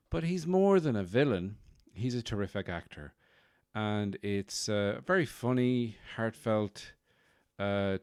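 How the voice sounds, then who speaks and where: A man hosts his podcast in a deep, smooth voice, rambling through a casual comic monologue. He is wry and self-mocking. The sound is close and dry. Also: a little mellow, dry recording. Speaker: podcast host.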